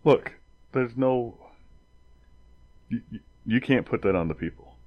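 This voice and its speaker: A man's voice: mid-range voice, a little slow, no room sound, lo-fi sound. A man in casual chat, arguing his point with stumbling restarts.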